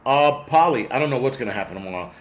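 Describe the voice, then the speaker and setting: A man's voice: mid-range voice, animated, quick pace. Profane rambling man in his forties. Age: 40s. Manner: profane, rambling, talks back to chat. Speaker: host. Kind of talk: casual livestream rant.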